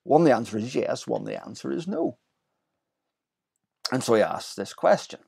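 Guy giving a sermon, explains the text, acts out the quotes, mid-pitched voice. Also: expressive, normal speed, creaky, long pauses, darkish tone, husky. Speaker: preacher.

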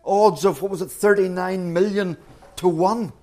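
A man's voice: sits high, steady tone, moderate pace, mellow. A middle-aged man preaching a sermon, retelling a story dramatically and acting out the quotes.

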